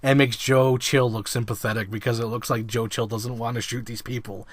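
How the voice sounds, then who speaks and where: A man hosting his own vlog, reviewing a film in a casual, excitable monologue, swearing freely and acting out scenes. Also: medium pitch, brisk, no room sound. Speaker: movie reviewer, host.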